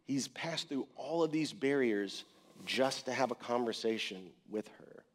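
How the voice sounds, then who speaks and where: A man preaching a sermon in a conversational style, retelling a story with lively acted-out quotes. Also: mid-range voice.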